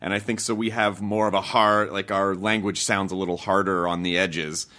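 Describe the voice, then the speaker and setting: A man's voice: deep voice, flat delivery, moderate pace, bright, forceful tone. A man from the United States hosting a podcast, chatting casually and joking, laughing often and rambling through his points. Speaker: podcast host. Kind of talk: casual chat.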